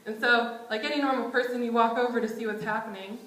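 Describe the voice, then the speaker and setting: Young woman preacher, high and bright voice, casual joking sermon, roomy church echo. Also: fairly even intonation, fast. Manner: casual and self-deprecating, chuckles often. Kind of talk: conversational sermon. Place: church sanctuary.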